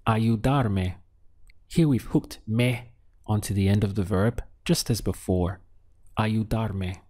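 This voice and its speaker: A man teaching a language lesson, calmly prompting the listener and pausing for their answers. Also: lowish voice. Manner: slow, patient prompting with pauses for answers. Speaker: Spanish teacher.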